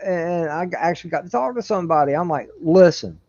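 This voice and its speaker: A man in his forties who tells stories in a blunt, profane, matter-of-fact way. His voice sits a little high. The sound is dry and close, with a dull, lo-fi band. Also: lively intonation, quick pace, no room sound. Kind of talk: casual chat.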